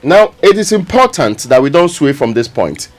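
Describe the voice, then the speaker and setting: A man's voice: on the high side, big pitch swings, moderate pace. A man hosting a morning radio show, earnestly urging listeners about road safety. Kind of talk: casual studio chat, road safety message. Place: radio studio.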